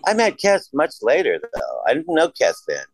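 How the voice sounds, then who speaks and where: A man's voice: a little high, wildly swooping pitch, moderate pace, vocal fry, rough recording. A man casually telling rambling, profane stories and acting out the dialogue. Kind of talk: casual conversation.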